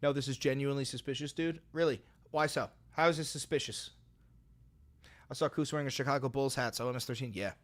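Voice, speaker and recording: A man hosting a livestream and reading out donations, talking sarcastically, bursting into loud mocking rants and dropping to low dry replies. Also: fairly even intonation, fast talker.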